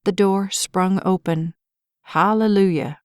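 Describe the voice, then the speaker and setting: A woman narrating an inspirational romance audiobook in a clear, measured storytelling voice. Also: medium pitch, fairly even intonation, no echo, clean studio sound.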